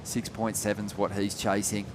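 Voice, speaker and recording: A man calling a surf contest live, relaxed, rising in energy on big turns. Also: fairly low pitch, normal speed, over music. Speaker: surf commentator. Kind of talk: live sports commentary.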